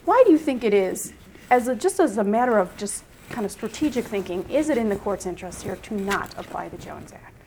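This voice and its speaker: A woman's voice: mid-range voice, expressive, brisk, vocal fry, hardly any pauses, noisy background. Woman in her fifties lecturing a law class. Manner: questioning the class, thinking aloud with restarts. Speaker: law professor.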